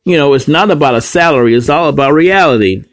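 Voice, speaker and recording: A man's voice: fairly high pitch, expressive, quick pace, no echo. Man, blunt foul-mouthed vlogger; scattered rant, dead-dry recording. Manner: heavy cursing, blunt, scattered. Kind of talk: rambling profane rant to camera.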